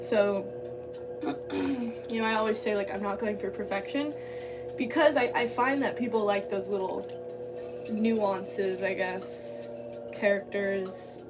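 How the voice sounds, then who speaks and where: A woman potter livestreaming as she works, chatting casually and thinking aloud. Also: mid-range voice. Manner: rambling, thinks aloud while working. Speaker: ceramic artist livestreaming. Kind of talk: casual livestream chat while working. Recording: distant mic with background noise.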